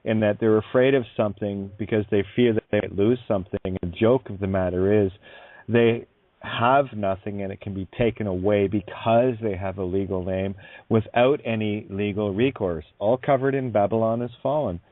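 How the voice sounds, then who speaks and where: A man with a fairly low voice hosts a radio chat, laughing easily and tossing in sardonic asides. He is heard through a thin phone line that sounds dry, with no room around it. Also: normal speed, no echo. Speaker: radio host. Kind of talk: casual chat.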